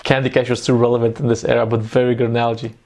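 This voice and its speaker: A man's voice: mid-range voice, flat delivery, racing, noisy background. A man commenting casually on a comedy clip, with wry asides and breakdowns of how the jokes work.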